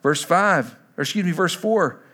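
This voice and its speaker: A male pastor preaching a sermon to his congregation, emphatic and shifting between loud and hushed delivery. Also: sits high, expressive, normal speed.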